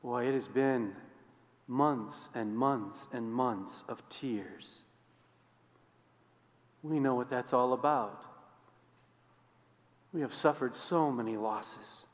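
A male pastor preaching a sermon in a church, swinging between loud emphasis and hushed, quiet lines. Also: mid-range voice, takes it slowly, long pauses, long reverb tail. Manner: expressive, swings from loud to hushed, acts out quoted voices. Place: church sanctuary.

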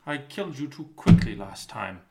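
A man's voice: medium pitch, big pitch swings, normal speed, very noisy, natural voice. A man voicing an arrogant villainous prince with a smug, sneering delivery.

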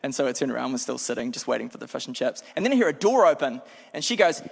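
A man with a New Zealand accent preaching a sermon as a lively, self-deprecating storyteller. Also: medium pitch, racing, creaky, husky. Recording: long hall reverb.

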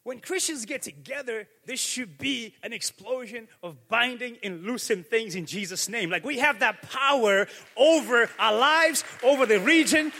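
A man with a very high, sharp, bright voice preaching to his congregation. He moves from quiet musing to fervent, shouted declarations. The sound carries a long reverb from the church hall. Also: animated, normal speed, gravelly, hardly any pauses. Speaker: pastor. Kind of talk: sermon. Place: church sanctuary.

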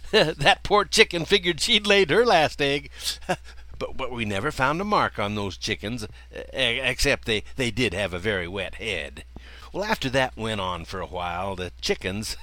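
An older man telling a personal childhood story in a folksy way, chuckling often as he talks. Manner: folksy, chuckling often, lively swings in pitch.

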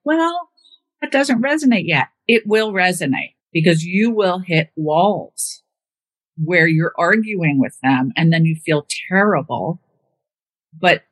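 A woman with a slightly husky voice tells stories about caring for her mother in a loose, conversational way. She acts out the voices of the people she quotes, and the recording is close and dry. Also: fairly low pitch, fairly bright tone, no echo. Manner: chatty storytelling, acting out quoted voices. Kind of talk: casual conversation.

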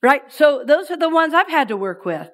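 Woman preaching with a playful, lively delivery. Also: high voice, normal speed. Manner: lively and playful, has listeners repeat lines. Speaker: minister. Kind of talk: sermon to a congregation.

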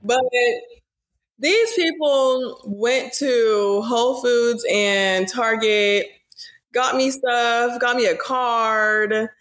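A woman's voice: fairly high pitch, drawn-out words, a bit bright. Young woman, early twenties, earnest and emotional, casual chatty delivery. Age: young adult. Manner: emotional, earnest, many "like" fillers. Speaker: podcast guest, daughter. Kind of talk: casual family podcast chat.

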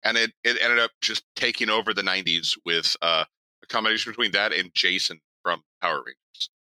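A man co-hosting a podcast in casual chat. He tells stories in an animated, profane way. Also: fairly low pitch, brisk, smooth, poor audio. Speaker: podcast co-host.

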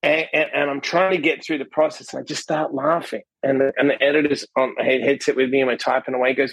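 A man guest on a podcast telling a personal story in casual conversation, animated and acting out what people said, often tagging his lines with a question. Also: medium pitch, quick pace, creaky, few pauses, dry recording, poor audio. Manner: animated, acts out quotes, frequent "right?" tags. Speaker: podcast guest, author and coach.

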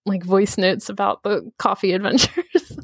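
A woman co-hosting a podcast, telling a long story in a rambling, animated way full of fillers. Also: medium pitch, a little slow, husky, no echo, clean studio sound. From United States. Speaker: podcast co-host. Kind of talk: casual chat.

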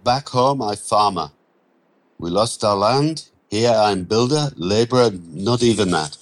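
A man reads as a worn-out Romanian laborer, a migrant far from home. He speaks broken English slowly and haltingly, with a Romanian accent and a low, sad weariness. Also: animated. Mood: weary.

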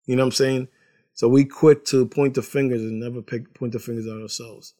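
A man's voice: mid-range voice, steady tone, a little fast, warm tone. A man casually sharing a personal faith testimony, rambling, repeating words and laughing as he tells it.

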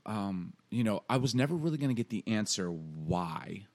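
A man co-hosting a podcast, talking earnestly and openly about grief and faith, growing animated when he reads passages aloud. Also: on the low side, normal speed. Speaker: podcast co-host. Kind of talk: candid conversational podcast talk.

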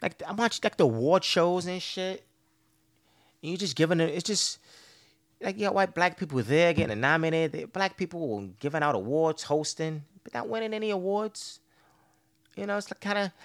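A man's voice: a little high, moderate pace. A man hosting a podcast, telling stories in a casual, profane, exasperated rant. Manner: profane, animated storytelling; petty, exasperated complaining. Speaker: podcast host. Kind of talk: casual ranting monologue.

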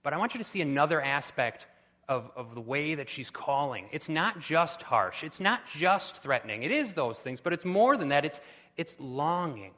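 Guy preaching a sermon, higher-ish voice, gets loud and pleading, church echo. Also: very animated, moderate pace. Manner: impassioned preaching, rising to loud pleading cries. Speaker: pastor.

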